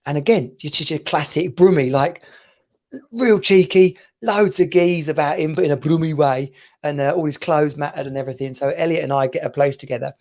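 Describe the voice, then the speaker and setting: A man's voice: on the high side, a little fast, darkish tone. A man from the UK in his thirties, hosting a casual podcast chat and rambling through stories between laughs. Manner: rambling, chatty storyteller who laughs often. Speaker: podcast host.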